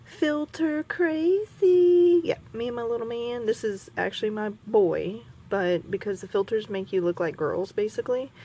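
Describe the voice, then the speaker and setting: A woman's voice: medium pitch, vocal fry, darkish tone, slight background noise. Rambling chatty woman crafting at home. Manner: rambling, chatty, self-mocking, many fillers. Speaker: scrapbooking vlogger. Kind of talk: casual crafting chat.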